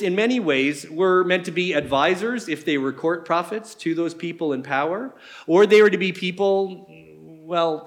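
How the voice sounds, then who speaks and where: A man preaching a sermon in a conversational way, asking his listeners many rhetorical questions. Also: on the high side.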